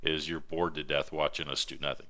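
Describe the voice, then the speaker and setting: A man's voice: very deep voice, flat delivery, brisk, pushed and bright. A man co-hosting a gaming stream, chatting casually and joking with frequent laughter. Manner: joking, rambling, laughs often. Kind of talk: casual chat while playing an online game.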